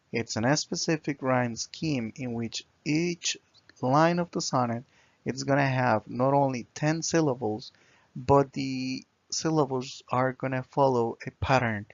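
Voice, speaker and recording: Male presenter, measured lesson delivery, unhurried, dry lo-fi recording. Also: mid-range voice, dry recording. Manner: slow, deliberate, stresses syllables when demonstrating. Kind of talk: explaining poetry lesson.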